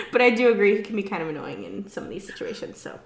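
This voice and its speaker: A woman's voice: mid-range voice, gravelly. Giggly woman recapping in an echoey room. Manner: relaxed, giggly, lots of fillers. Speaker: podcast co-host. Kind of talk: casual recap chat.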